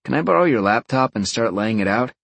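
A man narrating an audiobook voices a relaxed young man thinking out loud, in a lively, husky voice. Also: medium pitch, brisk, no room sound. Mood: easygoing.

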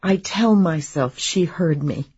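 A woman narrating a memoir in a measured, subdued reading. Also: fairly low pitch, animated, a little mellow, slightly rough, dull audio.

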